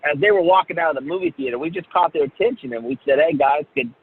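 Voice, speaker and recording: A man from Oklahoma, a singer guest, telling a story in a halting casual way with many fillers and restarts, on a tinny phone-like line. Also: fairly high pitch, big pitch swings, vocal fry, a little hiss or hum. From Oklahoma, USA.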